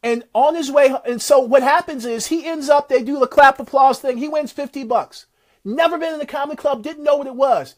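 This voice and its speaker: A man giving a motivational talk, retelling a success story in an animated, preacher-like way. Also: very high-pitched, brisk. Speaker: motivational speaker.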